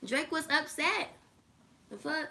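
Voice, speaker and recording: Bright, high-voiced woman reading tarot. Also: slow pace, vocal fry. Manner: animated, laughing, profane and teasing. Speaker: tarot reader.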